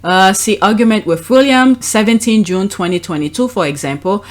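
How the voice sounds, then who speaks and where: A woman's voice: mid-range voice, animated, moderate pace. A middle-aged woman hosting a casual commentary show, chatty, often laughing and adding "okay?" asides. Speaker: commentary channel host.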